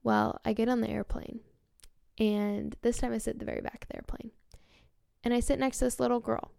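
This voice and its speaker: Young female podcast host, casual and earnest storyteller, slightly high with vocal fry, dry close mic. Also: a little fast, dry recording. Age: young adult. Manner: chatty, heavy use of "like", earnest and excited.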